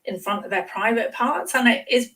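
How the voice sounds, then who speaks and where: A woman speaking coach chatting on a video call, lively and acting out examples with little exclamations. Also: a little high, normal speed, distant mic, rough recording. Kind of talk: casual chat on a live stream.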